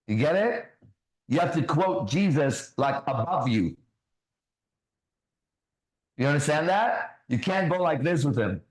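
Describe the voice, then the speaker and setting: A man's voice: mid-range voice, low-quality recording. A man hosting a ministry talk show, preaching bluntly with swearing and constant rhetorical questions.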